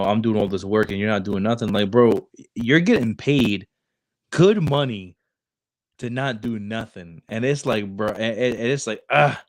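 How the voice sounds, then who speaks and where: A man's voice: lowish voice, rough recording. Man talking casually about recruiting. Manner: animated, repeats words and restarts often. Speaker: podcast co-host, Marine recruiter. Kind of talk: casual chat.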